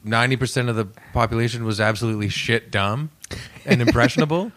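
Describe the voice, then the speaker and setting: A man's voice: mid-range voice, quick pace, a bit bright. A man co-hosting a comedy podcast, breaking in with glib, crude jokes and mock outrage. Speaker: co-host. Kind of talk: casual comedic podcast banter.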